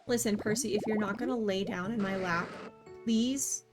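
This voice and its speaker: A woman's voice: mid-range voice, normal speed, music in the background. A young adult woman from the United States chatting playfully while streaming a game and reading its lines aloud. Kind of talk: casual gameplay chat.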